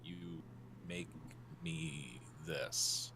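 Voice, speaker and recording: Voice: extremely low pitch, very slow, gravelly, background noise. A player in a tabletop vampire game, talking hesitantly with stammers. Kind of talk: tabletop role-play chat.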